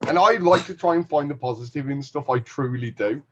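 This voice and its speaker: A man's voice: mid-range voice, brisk, dull audio, a little hiss or hum. A man co-hosting a podcast, telling stories animatedly and swearing freely. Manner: animated, sweary, laughing storyteller. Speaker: podcast co-host. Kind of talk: casual chat.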